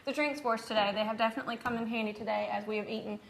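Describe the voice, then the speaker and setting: A woman's voice: on the high side, fairly even intonation, very fast, creaky, slight background noise, low-quality recording. A woman co-hosting a local talk show, chatty and upbeat as she leads the guest with questions. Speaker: co-host. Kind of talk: casual studio chat.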